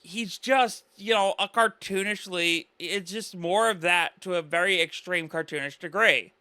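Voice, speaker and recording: Reaction commentator, male, high and very bright voice, earnest and rambling, dry close sound. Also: measured pace, clean tone, no room sound. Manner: earnest, rambling, full of "you know" and "like".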